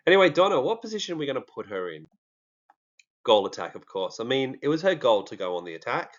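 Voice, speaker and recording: A true crime vlogger with an Australian accent talks casually and jokingly to camera for his viewers, using many fillers. His voice is lowish, and the sound is lo-fi.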